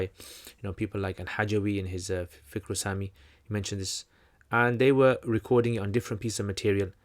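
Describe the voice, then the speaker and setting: A man with a fairly low voice hosts a livestream question-and-answer session. He explains at length in a loose, chatty teaching manner. He often circles back and restarts his sentences, with plenty of fillers along the way. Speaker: channel host answering questions.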